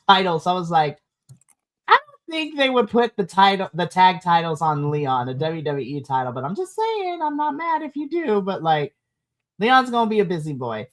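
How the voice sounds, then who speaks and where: A podcast co-host reviewing a wrestling show in casual chat, animated, with big swings in pitch and frequent laughs.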